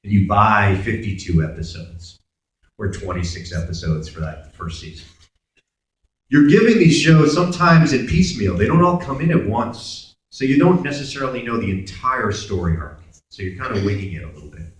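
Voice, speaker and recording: A man from Brooklyn, speaking as a guest at a convention Q&A. He tells stories with a lively, swooping pitch and slips into voices for the people he quotes. He is picked up from far off by a camera in the audience, and the big hall rings around him. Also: normal speed. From Brooklyn, New York. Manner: animated, acts out dialogue in voices. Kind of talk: convention Q&A storytelling.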